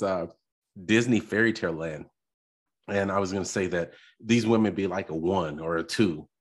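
A man with a very low, husky voice delivers a blunt, rambling podcast rant. He circles back on his own words and keeps pressing his point in an opinionated reaction commentary. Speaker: podcast host. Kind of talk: reacting to a clip, ranting commentary.

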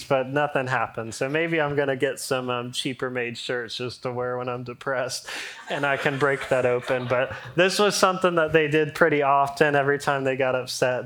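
A male pastor preaching in a church, talking to his congregation like friends. His voice sits at an ordinary middle pitch, and he cracks jokes and reads scripture aloud with growing energy. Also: normal speed, bright, forceful tone. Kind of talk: sermon.

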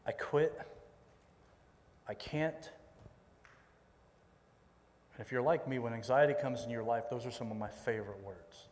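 A man's voice: medium pitch, quick pace, hardly any pauses, a little mellow. A middle-aged man preaching a sermon as a pastor, talking conversationally, repeating himself, and dropping folksy asides. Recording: long reverb in a large hall.

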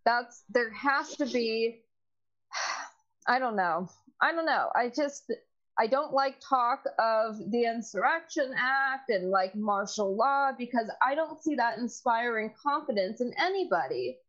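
A woman co-hosting a casual political chat, talking in a measured, hesitant way and scolding her live chat. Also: fairly high pitch, lively intonation, a bit bright. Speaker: podcast co-host. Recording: dull, lo-fi mic.

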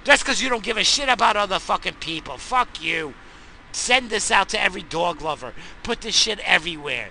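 A man in a profane, angry rant who swears constantly and bursts into shouting. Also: high voice, lively intonation, brisk, creaky, slight background noise, rough recording.

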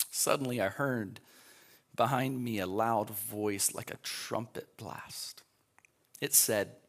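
Gravelly-voiced pastor teaching Sunday school. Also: male voice, lowish voice, slow. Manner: conversational, reads scripture aloud and explains it. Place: live class in a church.

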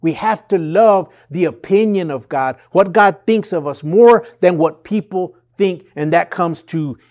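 A man's voice: high voice, unhurried, darkish tone. A man preaching a sermon in an earnest, conversational way, reading and explaining scripture. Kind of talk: sermon podcast.

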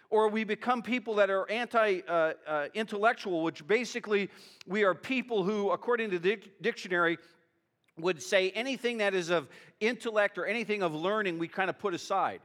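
A man's voice: sits high, lively intonation, a little fast, a bit bright. A middle-aged male pastor preaching a sermon in a conversational, emotional way, often adding "you know" and "okay".

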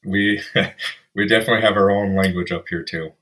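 A man's voice: low voice, fairly even intonation, normal speed, a bit bright. A man from Iowa hosting a casual interview, laid-back, dropping short replies like "yep" as he listens. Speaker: podcast host.

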